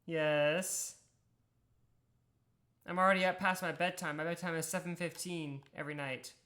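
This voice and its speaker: A woman's voice: deep voice, steady tone, moderate pace, a bit bright. A young Australian woman streaming a game, chatting casually, swearing freely and laughing often. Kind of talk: casual chat while gaming.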